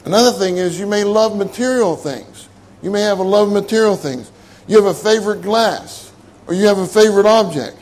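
A man's voice: sits high, a little fast, darkish tone. An older man preaching a sermon in a conversational way, repeating his key phrases and laughing at his own jokes.

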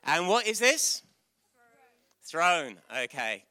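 A man preaching, slow and deliberate, with a very bright, ringing tone. His pitch swings widely as he questions children and breaks into loud exclamations. The sound is close and dry. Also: no echo. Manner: lively, interactive, bursts into loud exclamations. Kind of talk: Easter sermon with children.

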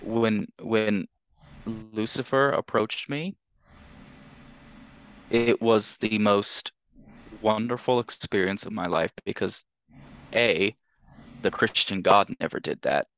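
Earnest low-voiced man, dry close sound. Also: takes it slowly, pauses often, a bit bright, dry recording. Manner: earnest, emotional, urging listeners. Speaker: podcast co-host. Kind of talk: casual podcast conversation.

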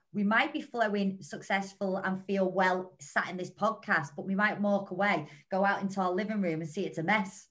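A woman's voice: medium pitch, fairly even intonation, moderate pace, few pauses, fairly bright tone. Earnest rambling woman podcast co-host. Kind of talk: reflective casual chat.

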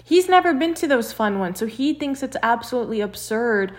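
A woman's voice: on the high side, a little fast. A young woman telling a personal story in casual chat, acting out what others said. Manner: animated storyteller, acts out quotes.

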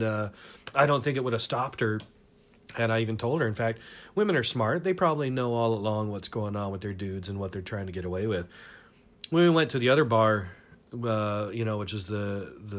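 A man casually telling a crude personal story, rambling and profane, often laughing as he goes. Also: fairly low pitch. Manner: rambling, profane, laughs through his stories.

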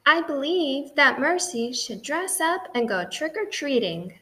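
A woman's voice: high-pitched, sing-song, unhurried, pushed and bright, voice pushed up, exaggerated voice. A woman voicing a fussy, doting middle-aged housewife in a children's audiobook, with a gushing, genteel, emphatic manner.

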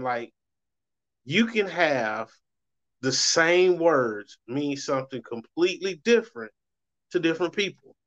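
Middle-aged male host with a Southern US accent, loose and chatty, pitched a bit high, on a dull lo-fi recording. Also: a bit bright. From Southern United States. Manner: loose, rambling, swings voice up for quoted reactions. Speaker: show host. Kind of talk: casual monologue. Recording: muffled lo-fi recording.

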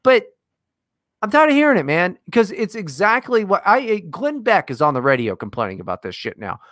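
A man's voice: high-pitched, big pitch swings, brisk, a bit bright, dry recording, studio quality. A man co-hosting a podcast, ranting in a casual, profane and exasperated way. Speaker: podcast co-host.

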